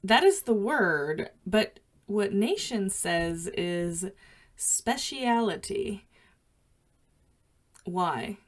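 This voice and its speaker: A woman's voice: on the low side, animated, slow pace, hardly any pauses. A woman hosting a podcast, opening the show and bantering with her co-host with frequent laughter. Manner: giggly, bantering. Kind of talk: casual chat.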